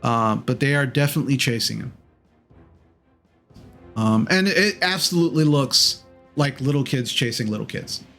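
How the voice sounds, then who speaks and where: With faint music behind him, a man with a medium-pitched, slightly bright voice narrates as a tabletop game master. His delivery is unhurried and rambling, full of ums and self-corrections.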